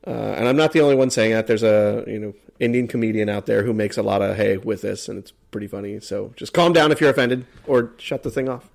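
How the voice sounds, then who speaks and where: A man's voice: lowish voice, quick pace, gravelly, hardly any pauses, a little mellow. A man with an American Midwest accent, co-hosting a podcast in casual, rambling, joking chat. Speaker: podcast co-host.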